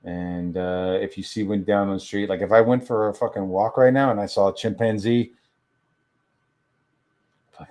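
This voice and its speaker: A man's voice: fairly low pitch, fairly even intonation, normal speed, long pauses, darkish tone. A young man on a stream, ranting in a rambling way and swearing heavily. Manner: crude, rambling, heavy swearing. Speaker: stream guest. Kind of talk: profane ranting stream talk.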